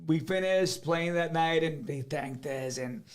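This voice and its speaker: Middle-aged singer, high voice, animated storyteller who slips into Spanish. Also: male voice, unhurried. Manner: animated, switches between English and Spanish, acts out other people's lines. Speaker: singer, guest. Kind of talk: casual storytelling.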